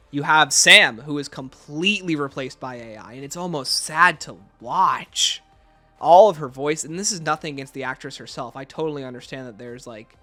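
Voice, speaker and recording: Bright-voiced male game reviewer. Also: mid-range voice. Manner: casual, rambling, frequent restarts. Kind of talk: unscripted video review.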